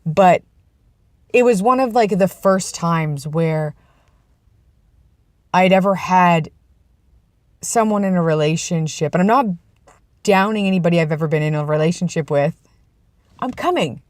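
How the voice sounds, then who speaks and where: This studio-quality clip, free of room sound, features a young man with a voice that sits high, speaking unhurriedly and pausing often. He's outdoors about to go inside, vlogging in a casual, earnest, rambling manner and regularly restarting sentences.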